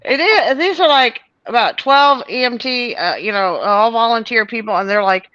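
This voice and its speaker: A woman's voice: a little high, normal speed, no echo, highs cut off. A woman telling a long, rambling story on a show, full of fillers and restarts. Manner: animated, many fillers and restarts.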